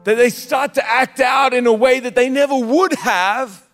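High-voiced preaching man in echoing hall. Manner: impassioned preaching with sung, drawn-out phrases. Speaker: pastor. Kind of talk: sermon. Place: church hall. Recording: live church hall with reverb and soft instrumental music. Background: soft instrumental music.

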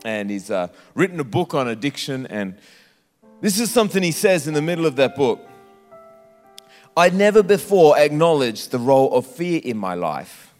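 A man preaching a sermon in a church, with impassioned, sometimes sung, drawn-out phrases. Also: mid-range voice. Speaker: pastor. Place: church hall. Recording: live church hall with reverb and soft instrumental music. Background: soft instrumental music.

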